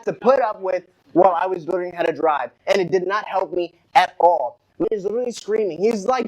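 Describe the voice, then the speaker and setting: A young man on stage doing stand-up, his voice sitting a little higher than most men's. He tells stories with animated energy and breaks into loud, shouted rants when he acts out what people said. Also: a little fast, hardly any pauses, low-quality recording. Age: young adult. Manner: animated storytelling, bursts into shouting in quoted rants. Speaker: student stand-up comedian. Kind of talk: stand-up comedy set.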